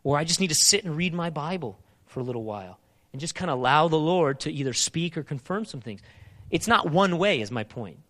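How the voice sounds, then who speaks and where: A man preaching a sermon, asking emphatic repeated questions and moving between urgent loud passages and quieter reflective talk. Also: a little high, animated, fairly quick. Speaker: pastor.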